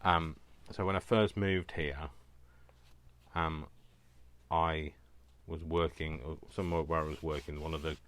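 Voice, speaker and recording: A man chatting casually as he crafts, rambling along and quick to laugh. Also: rumbling low, flat delivery, fairly bright tone. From Britain. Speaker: crafting vlogger. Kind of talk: casual chat while crafting.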